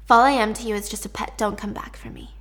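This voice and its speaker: A woman voicing a needy, manipulative young woman in captivity, talking softly and pleadingly. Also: a little high, steady tone, fast talker, close to an everyday voice.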